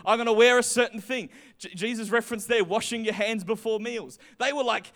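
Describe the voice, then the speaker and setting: A man in his twenties preaching a sermon, animated, swinging between quiet stretches and loud emphasis. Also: extremely high pitch, a little fast. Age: 20s.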